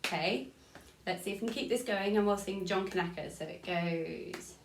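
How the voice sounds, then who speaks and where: English music teacher in an echoey room. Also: female voice, medium pitch, normal speed, recorded from a distance, a little hiss or hum. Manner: counts beats aloud and sings short rhymes. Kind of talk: recorded online music lesson for children.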